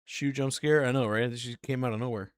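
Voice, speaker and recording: A man's voice: mid-range voice, steady tone, a little fast, clean tone, no echo, clean studio sound. Chatty man on a reaction stream. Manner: chatty, frequent giggling asides. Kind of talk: casual reaction stream chat.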